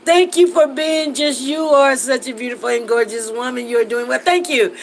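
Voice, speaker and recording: A woman's voice: high voice, moderate pace, gravelly, a little hiss or hum, low-quality recording. A woman in her forties hosting a casual live chat, reading viewer comments and laughing often as she talks. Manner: chatty and laughing, with Southern Black American vernacular.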